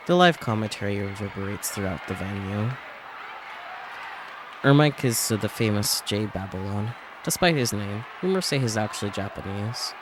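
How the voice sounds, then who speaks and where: A man's voice: fairly low pitch, animated, moderate pace, noisy background. A male streamer reading a visual novel aloud, with casual asides between the lines. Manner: reads narration, breaks off for casual asides. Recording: game music playing under the voice.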